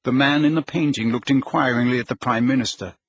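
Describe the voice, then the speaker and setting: Husky male audiobook narrator. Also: mid-range voice, fairly quick, lo-fi sound. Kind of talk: scripted narration.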